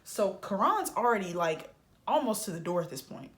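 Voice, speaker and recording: Brief: young woman, storytime vlogger, lively delivery that leaps up and down when she quotes people, mid-range pitch. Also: normal speed. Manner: animated, acts out quotes with big pitch jumps. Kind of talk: casual storytime.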